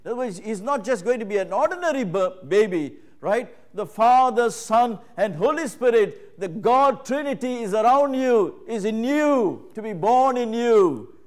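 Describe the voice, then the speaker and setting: A man preaching a sermon, emphatic and repetitive, rising to loud exclamations and dropping to hushed passages, calling his listeners friends. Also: extremely high pitch, lively intonation, moderate pace, hardly any pauses. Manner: repeats phrases, addresses listeners as friends.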